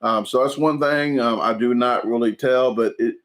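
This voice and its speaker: Answering comments from viewers, a food channel host from the United States streams casually from his home. He's a man in his forties with a middle-pitched voice, and he stumbles along, padding pauses with "um" and "uh" and often starting sentences over.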